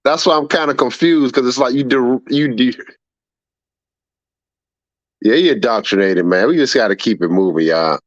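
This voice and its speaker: A man's voice: medium pitch, lively intonation, brisk, no room sound, dull audio. A man hosting a livestream and reading chat aloud, laughing often, repeating himself and scolding a viewer. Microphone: streaming setup mic.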